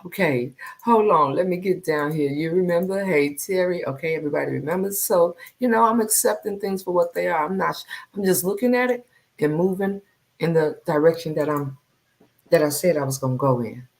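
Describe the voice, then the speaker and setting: Brief: woman live-streaming host, lowish voice, loose and chatty, greets viewers, repeats phrases. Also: brisk. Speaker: livestream host. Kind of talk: casual livestream chat.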